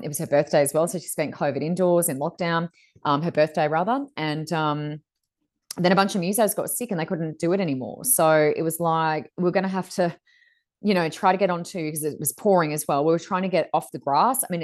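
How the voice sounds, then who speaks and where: A woman's voice: low-pitched, brisk. A woman, co-hosting a casual chat and talking in long rambling runs with fillers. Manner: rambling, chatty, many fillers. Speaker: podcast co-host.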